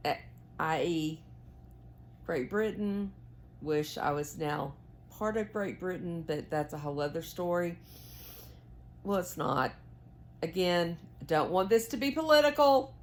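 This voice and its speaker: A woman with a Southern US accent, chatting in a rambling, folksy way to her viewers while she knits. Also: mid-range voice. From United States. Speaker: knitting vlogger. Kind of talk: casual chat while knitting.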